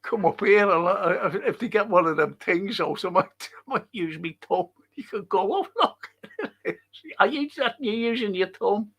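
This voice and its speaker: A man's voice: high voice, normal speed, a bit bright. A man, older, hosting a podcast in casual rambling talk and chuckling through his stories. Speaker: podcast host.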